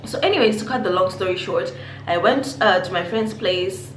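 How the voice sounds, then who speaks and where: A woman's voice: medium pitch, normal speed. Zimbabwean woman telling a storytime. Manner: animated storytelling, acts out quotes. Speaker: YouTuber. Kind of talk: storytime vlog. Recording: echoey room, faint noise.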